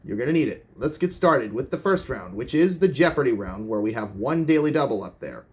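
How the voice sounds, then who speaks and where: A man's voice: mid-range voice, animated, brisk, darkish tone. A man hosting a homemade quiz show parody, using playful, teasing host patter.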